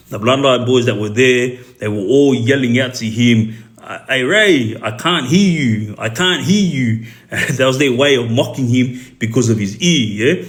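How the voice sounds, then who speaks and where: Australian man, ex-prisoner storyteller, casual livestream talk, halting delivery, lots of ums and restarts, mid-pitched voice. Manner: halting, many fillers and repeated words. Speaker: former prisoner telling his story on a livestream.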